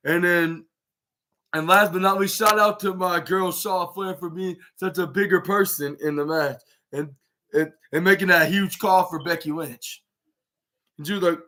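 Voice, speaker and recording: A man's voice: high voice, a little slow, pushed and bright. A man hosting his own podcast, recapping wrestling in a casual, rambling way and acting out quoted lines. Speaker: podcast host.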